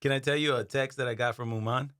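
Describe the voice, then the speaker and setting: A podcast guest chats loosely with the host and laughs often, retelling messages from a friend. His voice sits in an ordinary middle pitch. The recording is close and dry. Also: fairly even intonation, fast, fairly bright tone, no echo. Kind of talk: casual chat.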